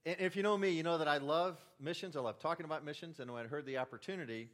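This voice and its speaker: A man's voice: a little high, rapid-fire. A middle-aged man, a church elder, giving a sermon in a chatty, self-deprecating way with light humor. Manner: self-deprecating, conversational, warm asides.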